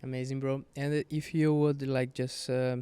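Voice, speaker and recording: Mellow, flat-toned man hosting a chat. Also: mid-range voice, moderate pace, smooth, dry recording. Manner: hesitant, many restarts while asking. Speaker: podcast host, church member. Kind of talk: casual podcast chat.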